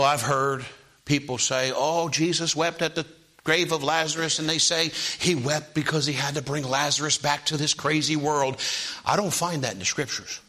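A man preaching a sermon, often asking the congregation "Amen?" and swinging from hushed tones to loud rising calls. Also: medium pitch. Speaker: pastor.

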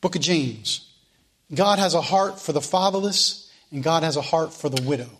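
A man's voice: on the high side, normal speed, a bit bright. A man teaching a Sunday school class, preaching with passion and stumbling over repeated words, then leading a prayer. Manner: impassioned, repeats words when stirred up.

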